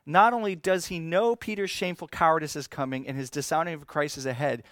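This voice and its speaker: A man's voice: on the high side, fairly even intonation, fast talker, hardly any pauses, no room sound. Earnest male preacher, dry sound. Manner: earnest, swings from emphatic to hushed. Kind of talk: sermon.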